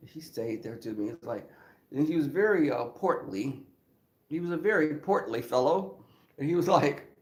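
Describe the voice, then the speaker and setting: A man's voice: on the high side, expressive, takes it slowly, pauses often. A man telling comic stories as a podcast guest, laughing often and acting out voices. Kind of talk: comic storytelling. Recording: roomy echo.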